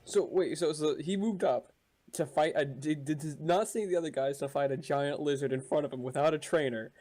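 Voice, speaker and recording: A man's voice: a little high, fairly quick, darkish tone. A man playing a tabletop game, chatting casually in a blunt, argumentative way.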